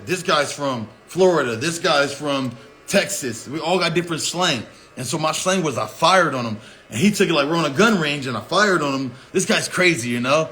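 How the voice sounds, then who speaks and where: A man's voice: fairly high pitch, sharp tone. Loose, profane storytelling man. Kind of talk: casual spoken storytelling.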